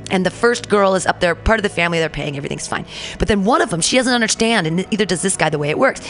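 A woman hosting a talk radio show spins a story in a loose, rambling way, with "like" in nearly every line. She slips into the voices of the people she describes, and her pitch sits at an ordinary middle height. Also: a bit bright. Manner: chatty, rambling, heavy use of "like", acts out quoted people.

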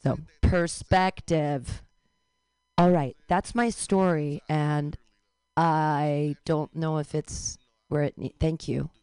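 A woman's voice: low voice, takes it slowly, clean tone, no room sound. Woman telling a wild story, dry close sound. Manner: animated storyteller, swings to loud cries. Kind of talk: stand-up story on a radio show.

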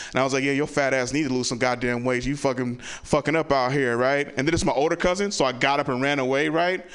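A man with a smooth, slightly high voice performs stand-up on a club stage. He tells stories peppered with "right?" asides to the crowd and loudly acts out members of his family.

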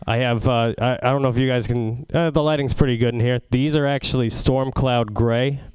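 Guy doing stand-up in a club, mid-pitched voice, kinda rambly and casual. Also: steady tone, fairly quick, darkish tone, clean tone, no room sound. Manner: casual and rambling, with fillers and restarts. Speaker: stand-up comedian. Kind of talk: stand-up comedy set. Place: comedy club stage.

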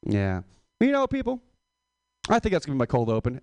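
A young man hosting a comedy night, doing crude, rambling stand-up that drops low on his tag lines. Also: huge pitch swings, fairly quick, pauses often, darkish tone, a little hiss or hum. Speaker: comedy show host.

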